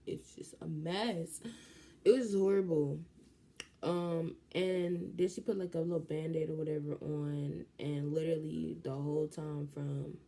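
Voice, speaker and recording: A young woman, telling a story in a casual vlog, animated and slangy. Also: sits low, vocal fry. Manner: animated, slangy, jumps into quoted voices. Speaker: vlogger.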